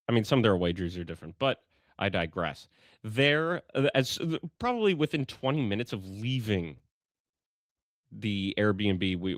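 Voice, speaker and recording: A man's voice: lowish voice, no room sound, clean studio sound. An American man co-hosting a casual sports podcast, telling stories with lots of restarts. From United States. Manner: rambling storyteller with many restarts. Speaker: podcast co-host.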